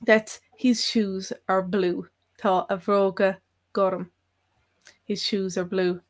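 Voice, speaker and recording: A woman's voice: medium pitch, little pitch movement, slow pace. A woman with an Irish accent, co-hosting a live language lesson, carefully explaining example phrases and repeating them. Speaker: Irish language teacher, co-host.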